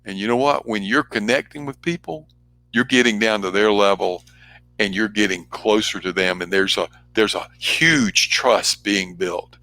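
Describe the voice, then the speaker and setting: An earnest man delivers a motivational talk, pressing his points with emphasis and changing pace. His voice is bright and forward, recorded dry and close. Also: lowish voice, moderate pace, no room sound. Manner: earnest, emphatic, varies loudness and pace for effect. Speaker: speaker and trainer.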